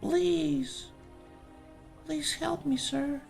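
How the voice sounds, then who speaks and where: A man's voice: extremely high pitch, steady tone, extremely slow, creaky, soft background music, voice pushed up, heavily acted. A man voicing a frightened, lost male pig in a kilt who pleads with panicky questions. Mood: pleading.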